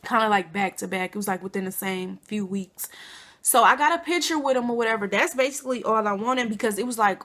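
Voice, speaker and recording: A young woman vlogger telling a casual storytime, animated and slangy, acting out quotes with big jumps in pitch. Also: fast talker. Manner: informal slangy speech.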